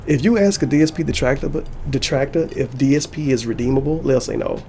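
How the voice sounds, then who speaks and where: A man's voice: medium pitch, fast talker, mellow, a little hiss or hum. A man giving an angry reaction commentary for his channel, ranting heatedly and swearing a lot. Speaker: YouTuber and streamer.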